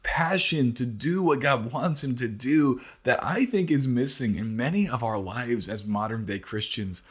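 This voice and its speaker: A middle-aged man hosting a casual morning devotional, teaching through scripture in an earnest way that speeds up and slows down. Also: mid-range voice, breathy edge. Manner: earnest, speeds up and slows down, rises when acting out a cry.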